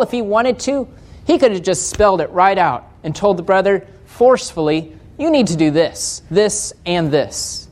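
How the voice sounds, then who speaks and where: American pastor preaching with lively pitch. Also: male voice. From United States. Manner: slows down for emphasis, reads scripture aloud, gentle humor. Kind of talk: sermon.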